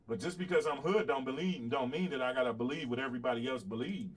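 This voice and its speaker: A man's voice: a little high, animated, quick pace, hardly any pauses. Blunt, profane talk show host, man. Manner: blunt, profane, emphatic, repeats himself; laughs between points, calls out to viewers. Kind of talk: casual livestream monologue, answering chat.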